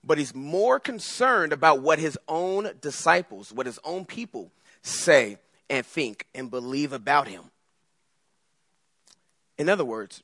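A male preacher delivers a lively, conversational sermon with a pitch that rises and falls widely. His voice is bright and a little high. The recording is dry and close. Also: measured pace, dry recording. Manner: animated, conversational, acts out scripture voices.

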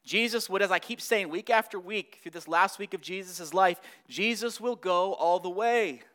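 A man's voice: sits high, moderate pace, a bit bright. A man teaching a Bible study lesson, acting out the quotes with rising and falling intensity.

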